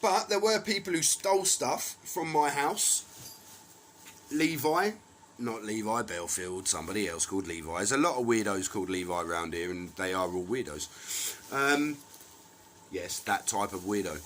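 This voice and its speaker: A man's voice: on the low side, normal speed, a bit bright, a little hiss or hum, low-quality recording. A man in a rambling monologue, ranting angrily and swearing as he accuses people. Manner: angry, profane, accusatory ranting.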